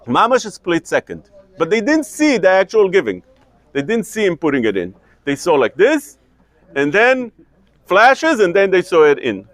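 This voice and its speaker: A man's voice: sits high, huge pitch swings, moderate pace, fairly bright tone, dry recording. A man, a rabbi, teaching a Talmud lecture to a study group, asking and answering his own questions with many restarts. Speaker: rabbi teaching a kollel class.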